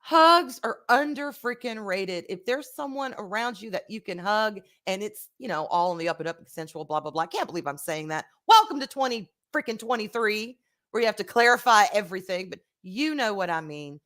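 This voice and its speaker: A woman hosting a casual live stream, candid and rambling, swearing freely and swinging between soft and loud as she answers viewers. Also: medium pitch, expressive, brisk. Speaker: livestream host.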